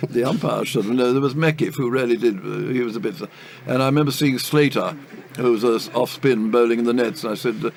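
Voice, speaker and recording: A man's voice: mid-range voice, quick pace, darkish tone. An older man, a cricket commentator, telling anecdotes in an interview with many hesitant ums and a ready chuckle. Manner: chuckling raconteur, full of hesitant ums and uhs.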